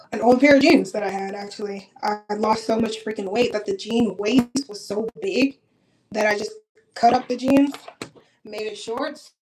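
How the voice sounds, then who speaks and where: In a rough recording with slight background noise, a young woman from Minnesota with a fairly high voice chats casually as she gets ready. The vlogger is blunt and animated, swears freely, and talks straight to her viewers in this get-ready-with-me clip.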